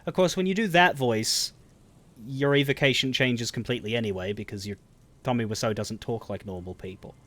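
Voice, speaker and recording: A man's voice: mid-range voice, a little fast, fairly bright tone. A man live-streaming a game, commenting casually in a rambling, self-interrupting way.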